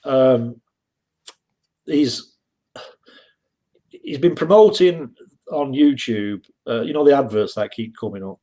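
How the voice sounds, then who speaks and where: A man's voice: medium pitch, lively intonation, slow, pauses often, mellow, rough recording. Chatty Northern English man telling stories. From England. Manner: rambling anecdotes with frequent restarts. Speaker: guest reseller. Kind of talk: casual live-stream interview chat.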